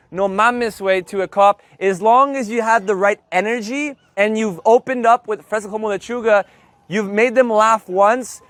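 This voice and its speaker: A man from Canada teaching a live Spanish class, telling a story in a playful, animated way and acting out the voices. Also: high-pitched, no echo. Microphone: loudspeaker mic.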